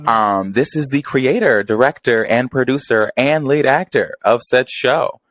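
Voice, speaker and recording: A man's voice: medium pitch, a little slow, fairly bright tone, no room sound. A man co-hosting a podcast in casual chat, playful and teasing with sassy asides. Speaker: podcast co-host.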